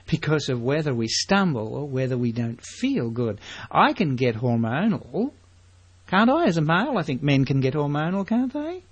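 A man's voice: fairly high pitch, big pitch swings, normal speed, husky, lo-fi sound. A man preaching a sermon, emphatic and full of rhetorical questions to his congregation.

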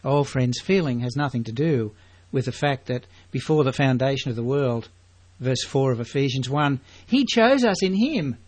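A man's voice: mid-range voice, expressive, normal speed, darkish tone. A man preaching a sermon, emphatic and full of rhetorical questions to his congregation.

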